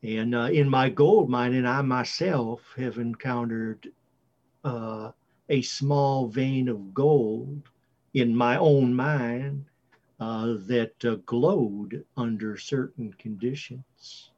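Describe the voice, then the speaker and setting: A man's voice: medium pitch, takes it slowly, darkish tone. A man speaking in character as a player, polite and hesitant with many fillers. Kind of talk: in-character tabletop play. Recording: dull lo-fi mic.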